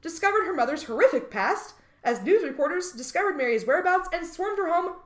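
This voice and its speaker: High, lively woman in an echoey room. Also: a little fast. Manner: reads case details, then jokes and swears. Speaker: podcast co-host. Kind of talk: true crime podcast chat.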